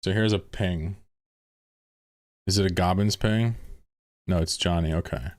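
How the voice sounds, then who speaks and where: A low-voiced man streaming and commentating casually, venting in exasperation and swearing as he reacts to posts. His voice comes across dry and close, with no room sound around it. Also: a little slow, dry recording.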